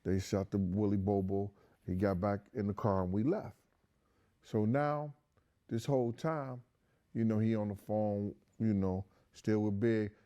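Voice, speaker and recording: A man with a lowish, mellow voice tells an old story in a loose, conversational way. He rambles and leans on slang and fillers as he goes. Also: steady tone, a little slow, dull audio. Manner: rambling, many fillers like "you know" and "um"; slangy street talk. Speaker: guest storyteller. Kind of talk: casual anecdotal storytelling.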